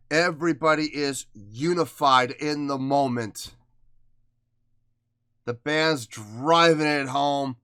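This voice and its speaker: Excitable guy reacting to a live show, bright voice, dry close sound. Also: a little high, takes it slowly, clear, resonant tone, no echo. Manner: emotional, excitable, swings between hushed awe and loud outbursts. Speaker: reaction channel host. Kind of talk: music reaction commentary.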